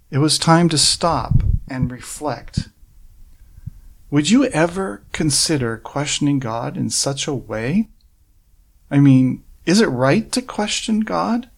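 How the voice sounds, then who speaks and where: A preacher whose voice is a little high and creaky moves through a psalm one verse at a time, asking rhetorical questions in a sincere, measured manner.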